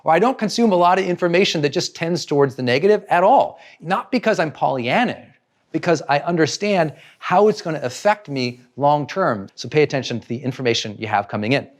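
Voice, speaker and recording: A man giving a motivational talk as a personal growth trainer, animated and asking rhetorical questions. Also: a little high, fairly quick. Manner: animated, asks rhetorical questions and acts out examples.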